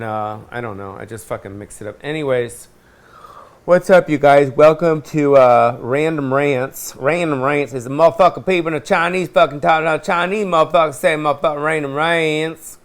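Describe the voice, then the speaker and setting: A man's voice: mid-range voice, clean tone. Rambling, profane middle-aged man. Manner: scattered, profane, loses his train of thought. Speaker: host. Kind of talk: rambling solo rant to camera. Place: his apartment.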